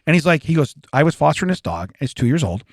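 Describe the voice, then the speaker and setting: A man's voice: on the high side, sing-song, fast, dry recording, studio quality. A man in his forties, a podcast co-host, telling stories in casual chat, laughing often and acting out the quotes.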